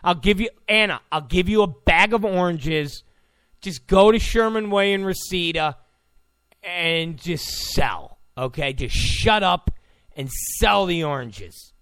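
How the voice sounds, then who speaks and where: A man's voice: sits high, expressive, takes it slowly, fairly bright tone, clean tone, no room sound. A man hosting a talk radio show, ranting in a sarcastic, mocking, abrasive tone.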